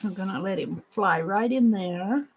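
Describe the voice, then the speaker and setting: A woman hosting an art journaling stream, chatting casually to herself and viewers as she paints, with soft murmured asides. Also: medium pitch, a little slow, slightly rough, lo-fi sound. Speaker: art journaling livestream host. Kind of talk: casual crafting narration.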